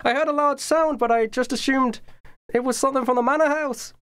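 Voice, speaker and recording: A man voicing a rowdy, loudmouthed male pirate captain in a tabletop game, brash and shouting. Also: very high-pitched, steady tone, a little fast, clear, resonant tone, no room sound, studio quality, voice pushed up. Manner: brash, shouting, says "oi, mate" a lot.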